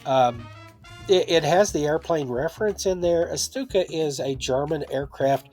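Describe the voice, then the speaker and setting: A man with a somewhat high speaking voice chats his way through a casual vlog, drifting into personal asides as he goes. Soft guitar music plays quietly behind him. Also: a little slow. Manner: conversational, rambling with asides. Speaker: online seller and vlogger.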